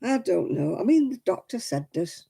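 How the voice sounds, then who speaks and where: A woman's voice: medium pitch, sing-song, normal speed, creaky, dark tone, husky, low-quality recording. A woman hosting a casual crafting livestream, chatting to viewers by name in a self-deprecating way.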